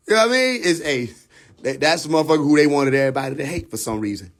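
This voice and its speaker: A man's voice: fairly high pitch, very fast. A man hosting a livestream, ranting casually with heavy profanity and frequent laughter, talking into a phone. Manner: profane, laughs often, animated. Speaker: livestream host.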